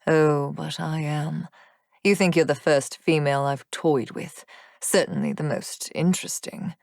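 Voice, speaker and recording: A woman narrator voicing a cold, mocking young male demon warrior in an audiobook, speaking slowly and in a hushed, smirking tone. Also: expressive, gravelly, no room sound, studio quality, heavily acted. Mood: taunting. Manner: slow, smirking, low and hushed. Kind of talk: audiobook character voice.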